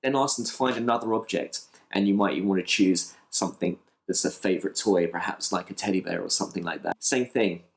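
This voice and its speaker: Gentle low-voiced man teaching mindfulness. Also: brisk, vocal fry, few pauses. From United Kingdom. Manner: gentle and reassuring, tag questions like okay and right. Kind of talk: instructional talk with guided practice.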